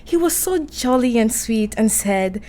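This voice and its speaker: A woman's voice: on the high side, lively intonation, measured pace, darkish tone. A woman playing a romantic, emotional young English woman in a radio play, talking in a breathless, girlish way. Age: young adult.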